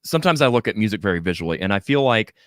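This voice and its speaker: A man's voice: fairly low pitch, big pitch swings, very fast, dry recording, studio quality. A man in his thirties hosting a casual music podcast, talking in a rambling way with lots of fillers. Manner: rambling, filler-heavy, enthusiastic. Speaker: podcast host.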